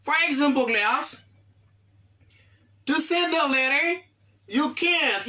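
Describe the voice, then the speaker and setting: Lady teaching english real slow, bright voice, keeps asking ok? after everything. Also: sits high, expressive. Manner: slow, repeats words and checks understanding. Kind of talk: online English lesson.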